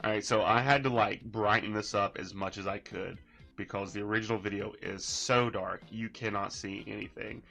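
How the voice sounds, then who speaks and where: Bright-voiced mocking male commentator. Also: on the low side, steady tone, normal speed, creaky, soft background music. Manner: rambling, mocking, laughs at his subject. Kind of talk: casual reaction commentary.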